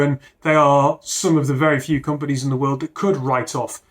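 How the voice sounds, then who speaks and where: A man's voice: medium pitch, little pitch movement, brisk. A man hosting a casual tech podcast, steering the conversation. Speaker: podcast host.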